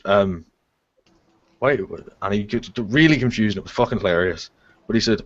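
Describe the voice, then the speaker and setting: Young northern irish guy telling sweary stories, lowish voice, dull lo-fi sound, dry. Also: fairly even intonation, normal speed, no room sound. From Northern Ireland. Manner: swearing freely, laughing at his own stories. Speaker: guest on a live chat show. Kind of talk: casual storytelling.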